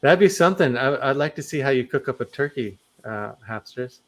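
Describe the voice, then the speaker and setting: A man's voice: mid-range voice, lively intonation, brisk. A man hosting a livestream, reading chat comments aloud with easy laughter.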